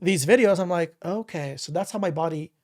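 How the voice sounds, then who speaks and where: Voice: medium pitch, a little fast, darkish tone. A podcast host chatting casually, rambling through a personal story with lots of fillers and restarts. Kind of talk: casual interview chat.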